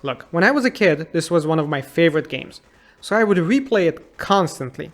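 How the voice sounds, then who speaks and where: A man in his thirties with a notably high voice, narrating a funny look back at a game he loved as a kid. He sounds sarcastic and exasperated, often mocking the plot in disbelief. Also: expressive, fairly quick, a bit bright. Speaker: YouTube game reviewer. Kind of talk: comedic game retrospective narration.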